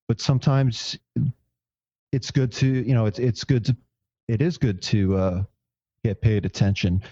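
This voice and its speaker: A man's voice: medium pitch, warm tone, dry recording, highs cut off. A man co-hosting a podcast, reflecting aloud in casual chat with many restarts. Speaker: podcast co-host.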